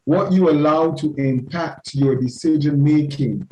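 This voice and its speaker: A man's voice: fairly high pitch, a little slow, mellow, a little hiss or hum. Earnest man leading a class, echoey. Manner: earnest, self-deprecating, repeats phrases. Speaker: class leader. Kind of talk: teaching discussion.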